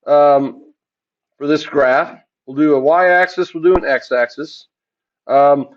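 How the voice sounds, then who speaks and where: A man teaching a math lesson, asking the class questions and answering them himself in a relaxed, chatty way. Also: a little high, lo-fi sound. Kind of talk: classroom lecture.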